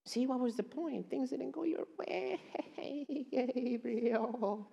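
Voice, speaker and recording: A preacher voicing the sly, taunting voice of the enemy, hushed, drawn out and mocking. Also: male voice, extremely high pitch, slow pace, gravelly, slightly rough, long reverb tail, muffled recording, pitched above the performer's own voice, heavily acted.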